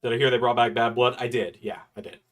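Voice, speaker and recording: A man hosting a live stream, chatting casually with quick, joking asides as he reacts. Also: medium pitch, flat delivery, fairly bright tone. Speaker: streamer host.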